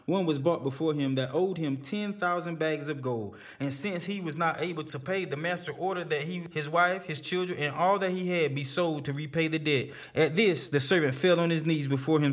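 Man, preacher, sermon, scripture reading, exhortations, slightly high voice. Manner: reads scripture aloud and explains it, with repeated exhortations.

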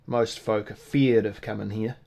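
A man's voice: lowish voice, fairly even intonation, normal speed, vocal fry, dark tone. A man voicing a huge, surly Irish tavern keeper who speaks bluntly in an Irish accent. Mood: gruff.

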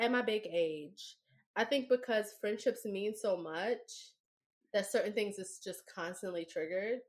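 A young woman co-hosting a podcast, telling a story in a blunt, profane, animated way. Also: fairly high pitch. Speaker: podcast co-host. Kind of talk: casual podcast chat.

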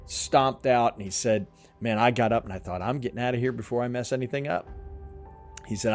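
A man's voice: lowish voice, a little mellow. A man hosting a faith podcast, telling a story earnestly and acting out what people said. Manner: earnest, emotional, acts out quotes. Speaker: podcast host.

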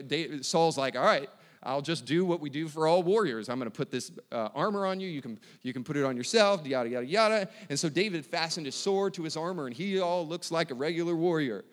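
A man preaching a sermon with a slightly high voice, his words ringing in the long reverb of a church hall. He retells scripture in an easy, storytelling way and slips into casual voices for the characters. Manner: storytelling, acts out biblical dialogue casually. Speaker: pastor. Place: church sanctuary.

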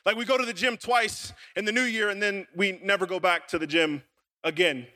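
A young male youth pastor with a high, bright voice delivers his sermon as a loose, joking story. He tells it with plenty of filler words and an animated, conversational energy. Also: fairly quick.

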